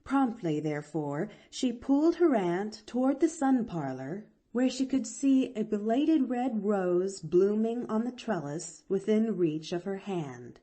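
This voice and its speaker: Slow, expressive woman narrating a storybook. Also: mid-range voice. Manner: expressive, measured. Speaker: audiobook narrator.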